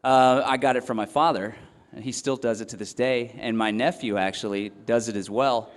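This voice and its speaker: A young man giving a talk to a festival audience, earnest and reflective, pausing often with ums and restarting his phrases. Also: mid-range voice, steady tone. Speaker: festival speaker. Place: event hall or tent. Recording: long hall reverb.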